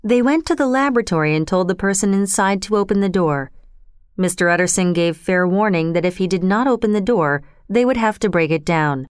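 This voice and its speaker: A woman reading a story aloud in steady, scripted narration. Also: mid-range voice, a little fast, clean tone, no room sound, clean studio sound.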